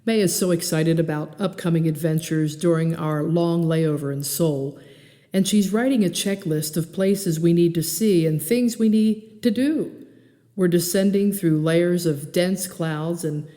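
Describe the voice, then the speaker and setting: A woman hosting a podcast, reading her own travel memoir aloud in an animated, expressive way. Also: on the low side, a little slow, in a large hall. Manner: animated, acts out dialogue and song lines.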